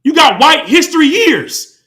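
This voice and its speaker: A man's voice: very high voice, big pitch swings, measured pace, pushed and bright. A man preaching a sermon, heated and full of rhetorical questions, reading scripture between points. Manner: impassioned, rhetorical questions, slips into quoted voices. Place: congregation hall.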